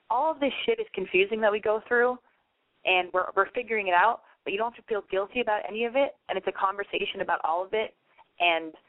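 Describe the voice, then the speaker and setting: A woman's voice: medium pitch, no echo. A woman radio host talking in loose, rambling, profane bursts, giving advice to callers. Her voice has a narrow, phone-like sound and a dry, close feel. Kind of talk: casual advice talk.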